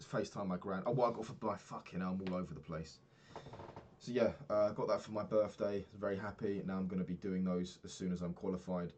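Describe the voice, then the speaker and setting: A man's voice: low voice, a little mellow, slight background noise. A young man from the UK talking through his week in a rambling, casual diary vlog, swearing often and losing his thread. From United Kingdom. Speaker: vlogger.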